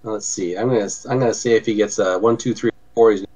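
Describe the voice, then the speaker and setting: A man with a fairly low voice runs a tabletop game as its game master. He narrates in an easygoing way and works out the rules out loud as he goes. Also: fairly even intonation, fast, husky, rough recording. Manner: easygoing, thinks aloud while narrating.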